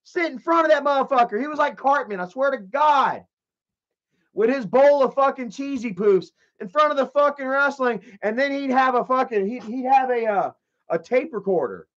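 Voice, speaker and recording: This man hosts a livestream and tells a long, meandering story, swearing and starting over repeatedly in a casual rant. He speaks at normal speed in a very high-pitched, expressive voice with a fairly bright tone, over dull lo-fi audio.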